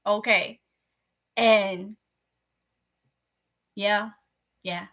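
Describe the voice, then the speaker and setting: Chatty, bright-voiced Mississippi woman. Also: medium pitch, drawn-out words. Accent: Mississippi Southern US. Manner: chatty, candid, lively retelling. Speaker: vlogger. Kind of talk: casual storytelling to viewers.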